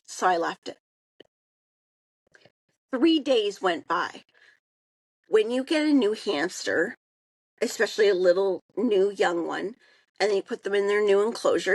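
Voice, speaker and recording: A woman, co-hosting a podcast and telling a casual story in an animated way, acting out the people she quotes. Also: mid-range voice, no echo, rough recording. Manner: animated, acts out quoted voices. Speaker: podcast co-host.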